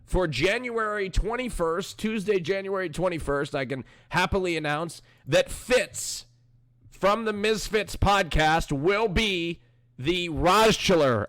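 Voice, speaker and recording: A young man with a bright, sharp, somewhat high voice hosts a live-streamed podcast. He rambles in a loose, chatty way and keeps answering his viewers' chat. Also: slow pace.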